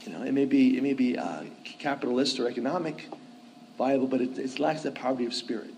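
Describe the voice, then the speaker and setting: A man's voice: medium pitch, fairly quick, vocal fry, slight background noise, poor audio. A man giving a conversational sermon, often asking his listeners "okay?" and "right?" to check that they follow him. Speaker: priest.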